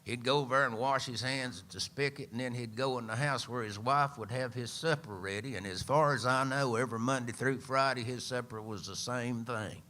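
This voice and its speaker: A man's voice: mid-range voice, a little fast, few pauses, bright, forceful tone. A man in his seventies with an East Tennessee accent, telling a folksy, dry-humored story live on a radio show. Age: 70s. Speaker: singer-songwriter and storyteller.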